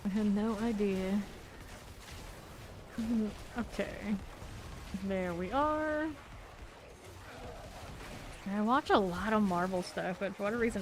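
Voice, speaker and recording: A woman's voice: medium pitch, background noise. A woman from Florida with a light Southern accent, chatting casually with her chat while she plays a game on stream. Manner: chatty, laid-back, answers chat while playing.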